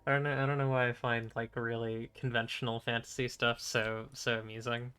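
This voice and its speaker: Young guy streaming a game, bright voice, rambles and chuckles a lot. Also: medium pitch, level tone, fairly quick, clean tone. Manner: rambling, hesitant, lots of fillers and restarts, chuckling. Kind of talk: casual chat while playing a game.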